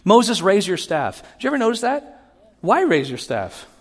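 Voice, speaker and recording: A man giving a sermon as a pastor, teaching in an animated way and acting out Bible quotes with rising emphasis. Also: high-pitched, normal speed. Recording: long hall reverb.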